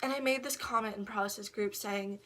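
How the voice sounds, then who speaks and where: A teenage girl talks straight to camera in a loose, rambling way, cursing casually and slipping into quoted voices. Her voice is bright and forward, sitting at an ordinary pitch for a young woman. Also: steady tone, moderate pace. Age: teens. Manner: rambling, swearing, laughs often, acts out quotes. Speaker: vlogger. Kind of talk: casual storytelling vlog.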